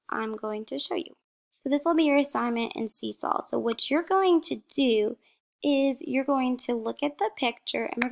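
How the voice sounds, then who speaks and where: Slow, gentle-paced woman teacher. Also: a little high, vocal fry. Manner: drawn-out word modelling, questions then answers. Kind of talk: slow, encouraging phonics lesson for young children.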